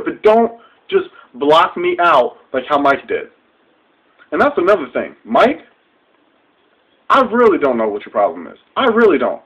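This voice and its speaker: A man's voice: a little high, very animated, unhurried, long pauses, fairly bright tone, husky. A young man ranting straight to camera, heated, profane and confrontational, in a dull lo-fi webcam recording. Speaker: vlogger. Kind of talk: direct-to-camera rant.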